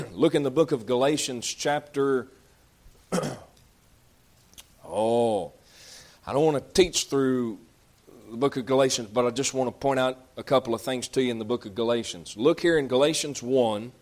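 A man's voice: mid-range voice, a little slow, pauses often, darkish tone. A man preaching a sermon, reading scripture aloud and explaining it in folksy, conversational asides.

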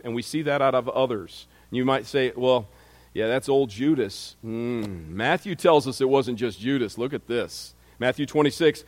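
Male preacher, mid-range voice, conversational sermon delivery, echoing hall sound. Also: mid-range voice. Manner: conversational preaching, reads scripture aloud, frequent restarts.

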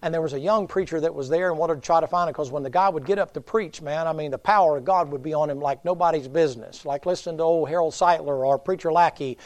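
A middle-aged man preaching a revival sermon, folksy and storytelling, swinging from loud to hushed. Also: on the high side, quick pace, few pauses. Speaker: pastor.

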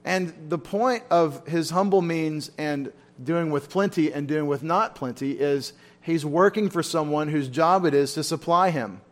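Male Bible teacher, casual church-study delivery, slightly raised pitch, throws questions to the room. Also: measured pace, few pauses. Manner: informal, asks the room questions.

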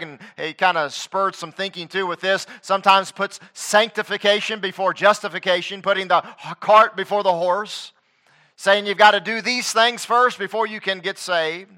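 A man preaches a sermon in a high, ringing voice, reading scripture aloud in King James wording. He then swings between loud, emphatic stresses and hushed asides, his tone bright and forward throughout.

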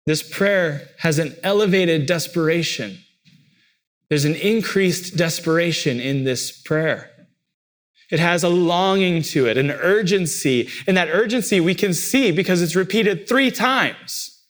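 A man preaching a sermon, animated and acting out cries with sudden leaps in pitch. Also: measured pace. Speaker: pastor.

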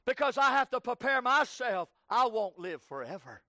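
A man preaching a sermon with passion, swinging between shouting and hushed pleading and piling up rapid lists. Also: very high-pitched, big pitch swings, no echo, clean studio sound.

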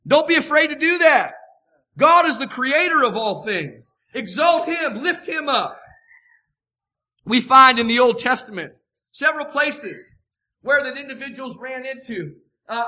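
A man's voice: very high-pitched, bright, forceful tone. A man preaching a sermon, emphatic and repeating his key phrases for weight.

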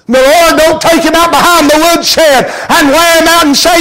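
A man preaching a sermon in a folksy, plain-spoken way, swinging from hushed storytelling to shouted emphasis. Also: very high voice, expressive, moderate pace, few pauses.

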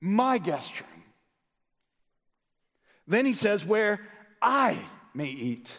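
A man preaching a sermon as pastor, asking the congregation rhetorical questions and swinging between loud emphasis and low, quiet delivery. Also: big pitch swings, very slow, in a large hall.

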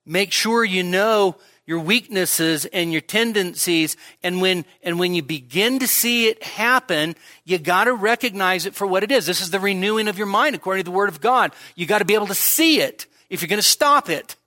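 A man's voice: high-pitched, expressive, a little fast, hardly any pauses, sharp tone, no room sound, clean studio sound. A man preaching an expository sermon in a church service, candid and self-deprecating, with joking asides. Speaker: pastor.

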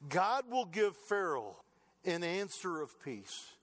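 A man preaching a sermon, building to raised emphasis and then dropping low and quiet. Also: big pitch swings, takes it slowly. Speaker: pastor.

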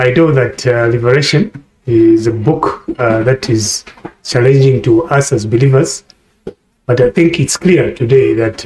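Measured man moderating a church conference. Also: mid-range voice, a little mellow. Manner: measured, with many "uh" fillers. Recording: echoey hall.

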